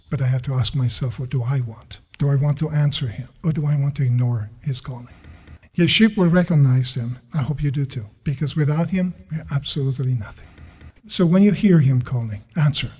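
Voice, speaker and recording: High-voiced man preaching in a reverberant hall. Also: darkish tone, breathy edge. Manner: impassioned, repetitive rhetorical questions. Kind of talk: sermon. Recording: long reverb of a large hall.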